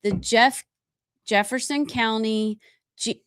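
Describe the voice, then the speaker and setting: A woman's voice: fairly high pitch, takes it slowly, a bit bright, no room sound, clean studio sound. A woman co-hosting a casual political talk show, chatty and playful with a self-mocking streak. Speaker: co-host.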